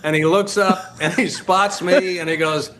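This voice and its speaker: A man's voice: high voice, fairly even intonation, very noisy. Older man telling stories with a chuckle. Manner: halting, many fillers, laughs through stories. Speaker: guest. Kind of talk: casual anecdote-telling.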